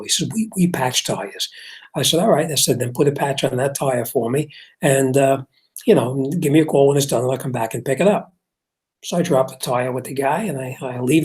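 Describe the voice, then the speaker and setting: An older man hosts a casual talk show, telling a long shop story at an even mid pitch. He rambles with restarts and acts out both sides of the argument as he goes. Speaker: car repair shop owner and show host.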